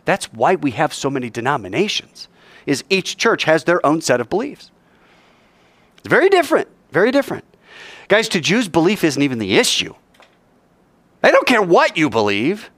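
A man preaches to students in a lively, conversational way, often asking his listeners questions. His voice sits fairly high and swings widely. The sound is close and dry. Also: moderate pace, long pauses, slightly rough, dry recording. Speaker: speaker at a school chapel. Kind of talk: sermon storytelling.

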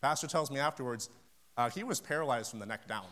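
A man's voice: mid-range voice, animated, quick pace, fairly bright tone. Fervent male preacher at a camp meeting. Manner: fervent, building to sudden emphatic peaks; storytelling, acting out phone conversations. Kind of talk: sermon with personal story.

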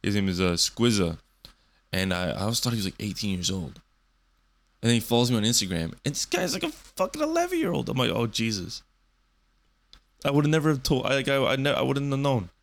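A young man in his early twenties rambles through a casual monologue, swearing freely and joking. He trips over his words and restarts his sentences, and his voice sits a little low. He sounds like a streamer talking off the cuff. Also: fairly quick, long pauses. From Canada. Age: 20s. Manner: profane, rambling, joking, with many fillers and restarts. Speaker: streamer and podcast host.

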